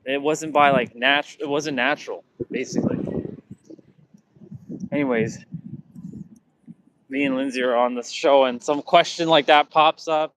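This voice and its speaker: A vlogger with a steady, slightly bright mid-range voice tells casual stories, unhurried and pausing often. He rambles, restarts a lot and acts out what people said. The low-quality recording carries slight background noise.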